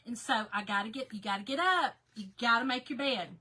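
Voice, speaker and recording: A woman hosting a casual live painting chat, reading out viewer comments in a folksy way, her voice going hoarse. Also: on the high side, fairly quick, bright, forceful tone. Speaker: crafting livestream host.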